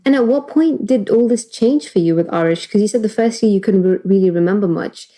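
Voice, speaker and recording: A woman hosts a podcast interview in a mellow, darker tone at a middle pitch. She speaks warmly and with empathy, asking soft, caring questions. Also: fairly quick. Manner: warm and empathetic, moved to tears. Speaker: podcast host.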